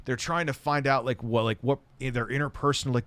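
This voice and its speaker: A man's voice: medium pitch, steady tone, fast talker, hardly any pauses, fairly bright tone, dry recording. Blunt, profane man on a dry mic. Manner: blunt, rambling, heated and profane. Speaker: tech YouTuber answering viewer questions. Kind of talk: casual live-stream chat.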